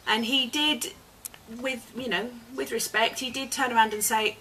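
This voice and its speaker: A woman's voice: a little high, normal speed, bright, forceful tone, slight background noise, low-quality recording. A woman guest chatting earnestly as an eco campaigner, laughing often, recorded at a home dining table. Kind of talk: casual chat. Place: home dining room, indoors.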